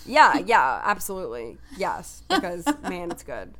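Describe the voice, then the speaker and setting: A woman's voice: on the low side, very animated, unhurried, crowd noise. A young adult woman co-hosting a podcast, talking casually in an enthusiastic, emphatic way. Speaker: podcast co-host. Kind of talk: casual chat.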